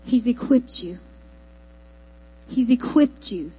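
A woman with an East Texas accent, preaching a sermon in a folksy, animated storytelling way. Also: on the high side, slow pace, husky, low-quality recording.

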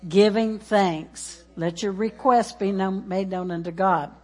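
Woman, preacher, church sermon, exuberant, slow-paced. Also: medium pitch, steady tone, darkish tone, soft background music. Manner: exuberant, laughing, chanting.

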